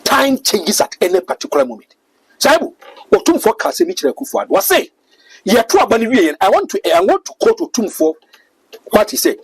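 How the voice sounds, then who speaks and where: Ghanaian male commentator, rapid delivery, lively pitch, emphatic. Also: creaky, slightly rough, no room sound, rough recording. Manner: emphatic, preachy, switches between English and Twi. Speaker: political commentator guest. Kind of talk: impassioned political talk-show commentary.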